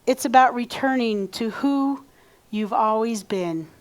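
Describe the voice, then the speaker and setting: A woman minister delivers a sermon in a relaxed, conversational way, stopping to lead her congregation through repeated affirmations. Her voice sits a little high for a woman. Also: unhurried. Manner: conversational, leads call-and-response affirmations. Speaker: reverend. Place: church sanctuary.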